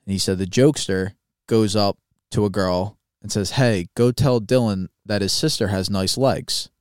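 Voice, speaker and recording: A young man telling a school prank story on a podcast, blunt and profane with a deadpan delivery. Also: fairly low pitch, normal speed, smooth, no echo, studio quality. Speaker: podcast co-host. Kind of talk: casual storytelling chat.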